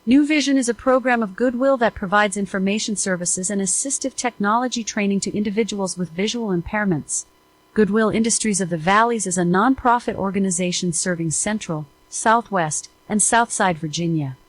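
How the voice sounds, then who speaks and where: A woman's voice: medium pitch, brisk, low-quality recording. A text-to-speech woman's voice of a voice assistant, running a quiz in a chirpy scripted way, played from a smart speaker.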